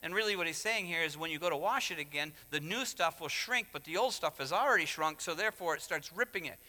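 A man preaching a sermon, his tone very bright and cutting as he pushes his points with rising emphasis. His voice sits fairly high for a man and rings out with a long hall reverb behind it. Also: animated, fast talker. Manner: emphatic, rising to loud exhortation. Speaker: pastor.

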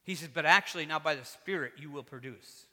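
Male preacher, bright slightly high voice, fervent then hushed, reverberant church hall. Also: fairly quick. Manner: earnest, rising to fervent emphasis then dropping low. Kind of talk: sermon. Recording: echoey hall.

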